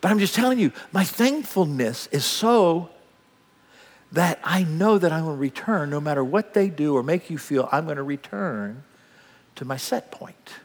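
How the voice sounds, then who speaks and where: A man preaching a sermon in a dramatic, animated way, acting out the scene as he goes. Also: a little high, a little slow, big-room sound. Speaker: pastor.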